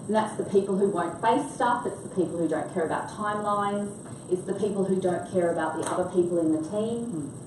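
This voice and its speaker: A woman's voice: mid-range voice, noisy background. An older woman leading a workshop for a group, asking them questions and keeping them involved. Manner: engaging, quizzes the audience. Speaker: workshop trainer. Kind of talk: interactive workshop talk. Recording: echoey room, voice from far off.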